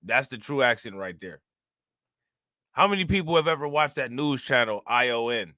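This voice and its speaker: A man's voice: medium pitch, lively intonation, moderate pace, pushed and bright, no room sound, studio quality. A man giving casual, slangy reaction commentary on news clips, mocking and talking straight to his viewers.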